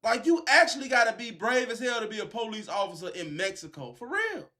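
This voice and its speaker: A man hosting a casual reaction video, animated and profane, laughing and breaking into shouts. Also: very high-pitched, fairly quick.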